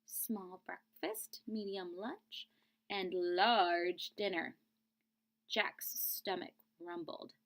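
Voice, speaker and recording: A woman's voice: on the low side, steady tone, very slow, a bit bright. A woman teacher reading a picture book aloud to children, expressively and stopping to explain word meanings. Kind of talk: read-aloud storybook lesson.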